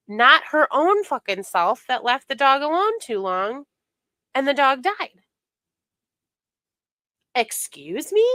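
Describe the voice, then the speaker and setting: A woman streaming from home who talks slowly and with scorn, her voice a little high. She stays sarcastic and indignant, and at times she mimics the people she criticizes. The sound is close and dry, with no room echo. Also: fairly bright tone. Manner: indignant, sarcastic, mocking imitations. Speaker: streamer reacting to online drama. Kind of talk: casual livestream commentary.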